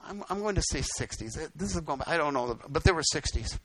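A man's voice: a little high, animated, fairly quick, a bit bright, slight background noise. An older man preaching, telling folksy stories with repeated lines and "guess what?" asides. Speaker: pastor. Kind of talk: storytelling sermon.

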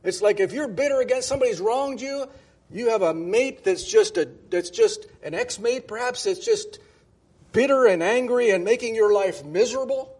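A man's voice: very high voice, very animated, normal speed, a little mellow, husky. A male pastor preaching a sermon in a conversational way, often restarting phrases and stressing quoted scripture. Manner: conversational, with many restarts and emphatic quoting.

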